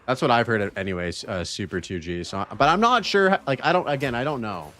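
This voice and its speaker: A man's voice: medium pitch, expressive, brisk, a bit bright, slight background noise. A man streaming a game, casually chatting with his viewers in a laid-back, rambling way. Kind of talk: casual gaming stream chat.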